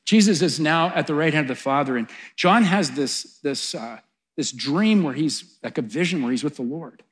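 A middle-aged man preaching a sermon, swelling to loud, fervent peaks and then dropping soft. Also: on the high side, lively intonation, moderate pace. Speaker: pastor.

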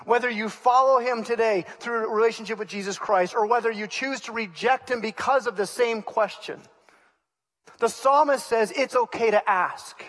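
High-voiced earnest male preacher. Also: normal speed, a bit bright, in a large hall. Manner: earnest, repeats words, voices prayers in a pleading tone. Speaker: pastor. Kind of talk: sermon.

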